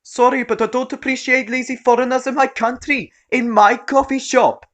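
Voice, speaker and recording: A man voicing a furious, entitled middle-aged mother who snaps and demands in a shrill voice. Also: normal speed, a bit bright. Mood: angry scolding. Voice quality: shrill and screeching. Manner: hostile, demanding, snapping.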